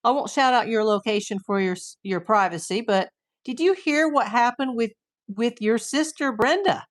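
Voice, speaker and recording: A woman's voice: a little high, normal speed. A woman streaming live from home, chatting casually with her viewers and rambling with lots of "like".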